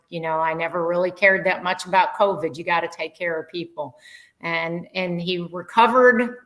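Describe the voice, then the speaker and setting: A woman's voice: fairly low pitch, fairly bright tone, low-quality recording. An older woman, a podcast guest, telling a heartfelt story in an earnest, rambling way with many fillers. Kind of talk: casual conversational storytelling.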